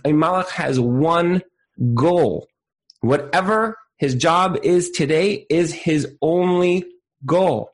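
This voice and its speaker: A man giving a casual Torah sermon, animated, acting out little dialogues in different voices. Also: medium pitch. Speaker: Torah teacher.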